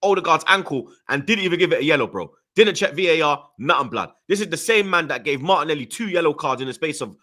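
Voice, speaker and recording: This football podcast host is a young man from London with Jamaican heritage and a multicultural London accent, ranting through a heated chat with heavy slang and angry stutters. He speaks fast with barely a pause, his slightly high voice lively in intonation and sharp in tone.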